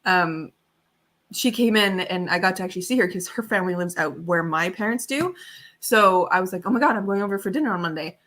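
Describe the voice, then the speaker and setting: A young woman hosting a casual livestream, talking in a loose, chatty way and giggling often. Her voice has a bright, forward edge. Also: fairly low pitch, expressive, brisk. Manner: chatty and giggly, lots of fillers. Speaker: livestream host and author. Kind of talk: casual chat on a writing livestream.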